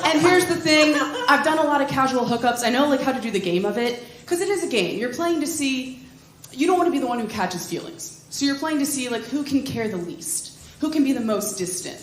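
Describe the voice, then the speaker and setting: A woman comedian performing a stand-up set on a club stage, with deadpan delivery and quick asides. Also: sits high, slight background noise. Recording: roomy club sound with loud laughter. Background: audience laughter.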